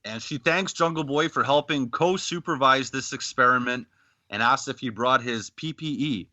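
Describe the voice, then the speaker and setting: Bright-voiced Canadian man recapping, dull mic. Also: medium pitch, moderate pace, no room sound. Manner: retells scenes with quoted lines, laughing often. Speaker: podcast host. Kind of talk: casual podcast recap.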